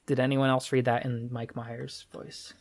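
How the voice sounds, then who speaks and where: A man's voice: mid-range voice, flat delivery, moderate pace, a little hiss or hum. A man co-hosting a casual podcast, chatty and laughing often, with a lot of filler words. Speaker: podcast co-host. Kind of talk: casual podcast chat and read-along.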